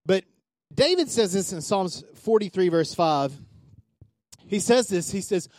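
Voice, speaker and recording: A man preaching a sermon as pastor, swinging from loud calls to hushed asides. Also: extremely high pitch, sing-song, fairly quick, no room sound.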